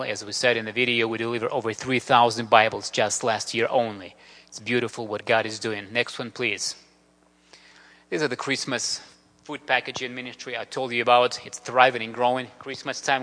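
A man's voice: mid-range voice, bright, forceful tone. A man giving an earnest, grateful mission talk with slides in a church. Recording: long reverb of a large hall.

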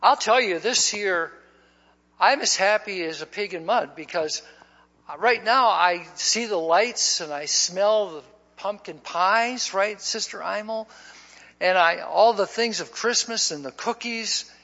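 High, bright-voiced preacher telling a story. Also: male voice, a little slow. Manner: folksy, repeats his words when starting a line. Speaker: pastor. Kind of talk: storytelling sermon. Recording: dull lo-fi recording in a reverberant hall.

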